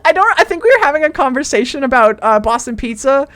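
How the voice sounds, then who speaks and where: High-voiced giggly woman streamer. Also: fast talker. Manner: giggly, excitable, swears casually. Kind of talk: casual livestream chat.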